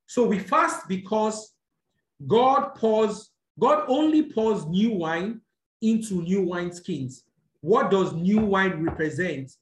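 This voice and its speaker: A preacher in the middle of a teaching sermon, walking through scripture point by point. The voice sits at a mid pitch and keeps asking "all right?" as it goes, fixing small slips along the way. The recording rings with a noticeable room echo. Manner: explanatory, checks in with "all right?", corrects own slips. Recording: echoey room.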